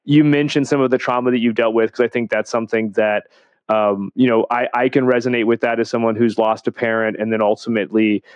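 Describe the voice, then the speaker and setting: A man's voice: medium pitch, little pitch movement, fast, no room sound. A man hosting a podcast, chatting casually with his guest in a loose, restarting way. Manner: chatty, many fillers and restarts. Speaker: podcast host. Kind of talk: casual interview talk and read ad. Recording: dull, slightly lo-fi dry sound.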